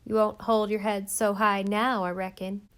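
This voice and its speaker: A woman reading aloud, voicing a spiteful, grinning girl who mocks loudly. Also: mid-range voice, level tone, normal speed, smooth, close to an everyday voice. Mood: mocking. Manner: loud, mocking.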